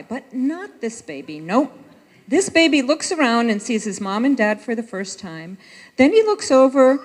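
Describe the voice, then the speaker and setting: Slow, lively woman in an echoing church. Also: on the high side. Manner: chatty, loses her place, self-correcting. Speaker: worship leader directing a pageant. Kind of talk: leading a live church pageant. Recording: echoey church sanctuary.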